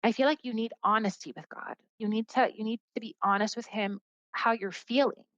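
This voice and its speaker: A woman's voice: on the high side, fairly quick, a bit bright, dry recording. Earnest woman guest, dry dull audio. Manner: earnest, heavy use of "like" as a filler. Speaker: podcast guest. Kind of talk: casual conversational storytelling.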